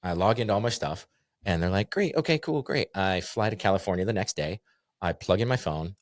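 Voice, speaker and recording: A man's voice: low voice, fairly quick, no room sound, clean studio sound. A middle-aged man from North Idaho, a guest speaker telling stories in a casual podcast chat, laughing often and acting out dialogue. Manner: animated storyteller, laughs often, acts out dialogue.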